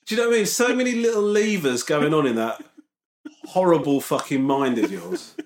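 A man's voice: fairly high pitch, expressive, a little fast, slight background noise. A man in casual comedic chat, teasing his co-host with dry questions.

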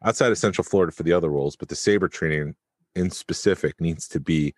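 A deep-voiced, fast-talking man with a slightly mellow tone co-hosts a podcast in studio-quality audio with no room sound. He chats casually, thinking aloud with fillers.

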